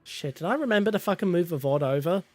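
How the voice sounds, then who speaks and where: Giggly high-voiced male streamer. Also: expressive, fast talker, a little mellow, no echo. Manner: giggly and chatty, swears casually. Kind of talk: casual live-stream chat.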